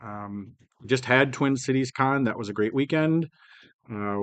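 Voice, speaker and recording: A man's voice: medium pitch, fairly bright tone, dry recording. Man reading meeting updates, dull phone sound. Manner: halting, reads updates aloud with many ums. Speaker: meeting host. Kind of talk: running a staff meeting. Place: hotel meeting room. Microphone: phone mic, sometimes held low.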